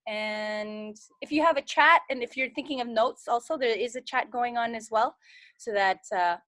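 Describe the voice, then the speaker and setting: A woman's voice: fairly high pitch, moderate pace, sharp tone, no room sound. Woman giving video call instructions. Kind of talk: casual online class.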